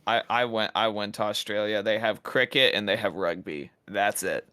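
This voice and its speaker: A man's voice: fairly low pitch, normal speed, sharp tone, smooth. A teenage man co-hosting a casual podcast chat, talking in an emphatic, insistent way. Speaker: co-host.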